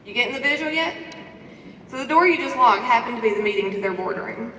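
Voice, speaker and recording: A woman giving a lively motivational talk to a conference audience, asking the crowd questions and preaching about faith and confidence. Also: on the high side, quick pace. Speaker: conference speaker. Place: large conference hall. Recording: echoey hall recording from a distance.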